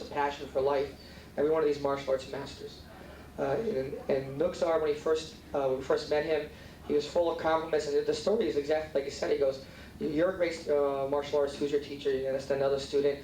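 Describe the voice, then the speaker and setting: A man's voice: on the high side, dark tone, a little hiss or hum. Heartfelt man speaking in an echoey hall. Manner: heartfelt, rambling, many restarts. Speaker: martial arts school owner giving an acceptance speech. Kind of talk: off-the-cuff thank-you speech. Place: banquet hall at a dinner. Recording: echoey hall, mic far off, faint room ambience.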